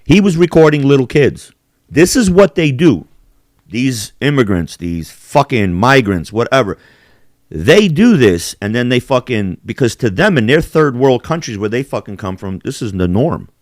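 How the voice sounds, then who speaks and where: A man's voice: medium pitch, sing-song, normal speed, no room sound, studio quality. A man hosting a podcast, talking in heated, profanity-laden rants with big swings in emphasis. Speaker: podcast host. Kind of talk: casual heated chat.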